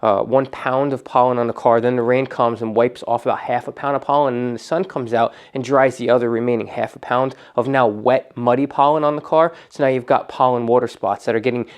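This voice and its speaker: A man's voice: medium pitch, fairly even intonation, a little fast, hardly any pauses, clean tone. A man hosting a casual unboxing vlog indoors, rambling and joking about himself as he opens a detailing subscription box. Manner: rambling, joking, self-deprecating. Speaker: detailing channel host.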